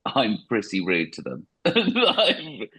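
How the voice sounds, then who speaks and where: A man's voice: lowish voice, wildly swooping pitch, slow pace, bright, forceful tone, breathy edge, poor audio. A middle-aged man, a comedian guest, chatting casually on a podcast, self-mocking with lots of restarts. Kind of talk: casual interview chat.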